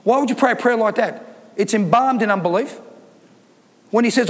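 High-pitched emphatic preacher in a hall. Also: male voice, a little fast. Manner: emphatic, preaching with rising intensity. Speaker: pastor. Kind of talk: sermon. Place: church hall. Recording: reverberant church hall.

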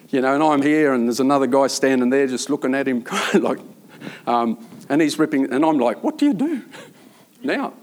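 A prison chaplain gives an informal faith talk in a slightly high male voice. He tells stories earnestly but rambles, with lots of filler words.

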